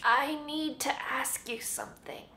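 A woman voicing a cheerful, gentle young boy monk from a cartoon, speaking softly and coaxingly. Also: high voice, steady tone, measured pace, heavily acted. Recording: roomy echo.

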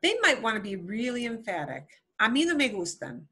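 A woman's voice: a little high, big pitch swings, a little fast, bright, forceful tone, husky. A woman teaching a beginner Spanish class, explaining patiently with playful comparisons.

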